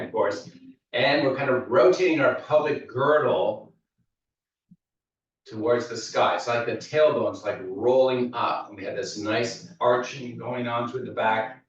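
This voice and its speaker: Male fitness instructor, steady easygoing cues, mid pitch, distant dull room recording. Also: heavy reverb. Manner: steady cueing, easygoing asides. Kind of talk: guided mobility class cueing. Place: large echoey fitness studio.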